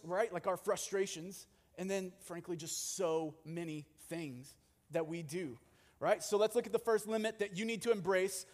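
A young man preaching a sermon in a conversational, animated way with jokey asides. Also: sits high. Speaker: pastor. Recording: long hall reverb.

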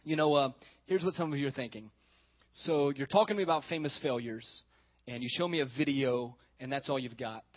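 A man's voice: medium pitch, brisk, highs cut off. A male pastor preaching a sermon, joking and talking with the congregation.

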